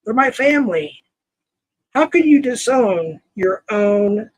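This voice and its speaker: A man's voice: sits high, expressive, poor audio. Heated older man scolding his stream chat. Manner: heated, scolding, halting restarts. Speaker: livestream host. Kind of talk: angry livestream rant to chat.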